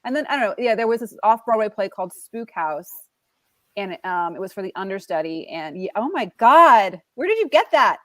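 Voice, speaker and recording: Woman, 40s, Brooklyn accent, talk show guest, animated storytelling, dry close sound. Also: mid-range voice, brisk, dry recording. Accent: Brooklyn New York. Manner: animated, self-deprecating, acts out quotes. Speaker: guest actress. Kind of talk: casual interview storytelling.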